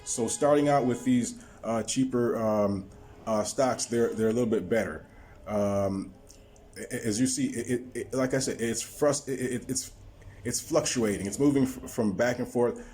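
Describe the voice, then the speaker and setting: A man talking viewers through his stock trade on screen, halting often with repeated words and fillers. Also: mid-range voice, a little mellow, slight background noise. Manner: explaining to viewers. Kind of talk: screen-recorded trading walkthrough.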